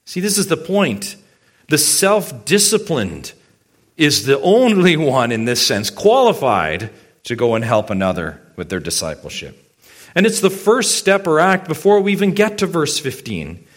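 A man's voice: fairly high pitch, big pitch swings, unhurried. A male pastor preaching a sermon. He speaks emphatically, poses many rhetorical questions and addresses his congregation directly.

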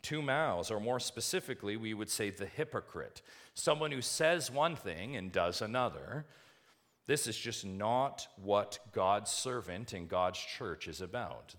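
A man's voice: fairly low pitch, fairly bright tone. A male pastor preaching a sermon to his church, emphatic, repeating key phrases and putting questions to the congregation.

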